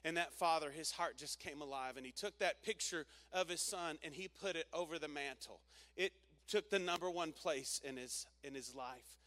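A pastor with a slightly high, somewhat bright voice preaches a sermon at a moderate pace. He tells a story and calls on the congregation to repeat phrases back to him.

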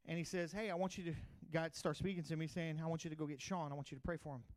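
A middle-aged male pastor with a voice on the high side preaches a sermon rapid-fire, keeping a steady tone. His style is conversational storytelling, swinging between loud bursts and quiet asides.

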